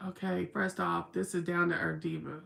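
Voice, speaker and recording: A woman's voice: lowish voice, flat delivery, normal speed, vocal fry, fairly bright tone. A Southern American woman hosting a casual livestream, chatting, reading viewer comments aloud and telling stories. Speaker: livestream host.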